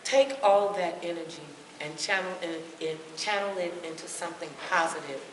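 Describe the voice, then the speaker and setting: A woman's voice: lowish voice, moderate pace. Woman, sassy motivational speaker, live audience talk, echoey hall, distant noisy mic. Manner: sassy, lively, acts out voices.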